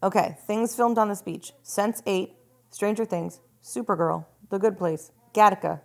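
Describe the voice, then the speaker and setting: A woman's voice: medium pitch, a little slow, vocal fry. A woman co-hosting a casual movie-review podcast, reading trivia aloud in a dry way. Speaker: podcast co-host.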